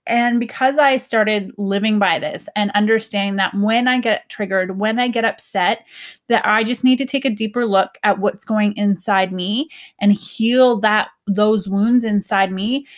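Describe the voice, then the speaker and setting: A woman's voice: mid-range voice, steady tone, a little slow. A young woman talking to her viewers in a casual, earnest way about healing, often laughing and quoting herself. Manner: earnest, chatty, laughs often, quoted asides. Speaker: spiritual self-help vlogger. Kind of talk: casual personal talk to camera.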